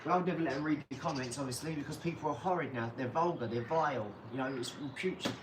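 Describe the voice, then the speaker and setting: A man's voice: medium pitch, fast. A man, talking bluntly and rambling in a casual vlog, swearing and then apologizing. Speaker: channel host. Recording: echoey room, far from mic, clear background noise.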